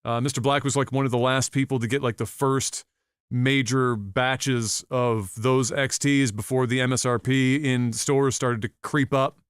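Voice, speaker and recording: A man co-hosting a podcast recounts a story in a casual, profanity-laden way, animatedly performing his own reactions. His medium-pitched voice is smooth and measured, captured in a dry, studio-quality recording.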